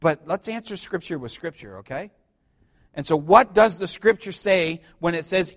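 A man preaching to his church, animated and joking, calling out to the congregation for responses. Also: fairly high pitch, moderate pace. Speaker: pastor. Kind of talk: sermon. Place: church sanctuary.

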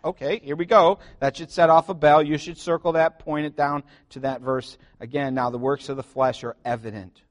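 A man preaching to his church, animated and joking, calling out to the congregation for responses. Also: medium pitch, moderate pace. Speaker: pastor. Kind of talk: sermon. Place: church sanctuary.

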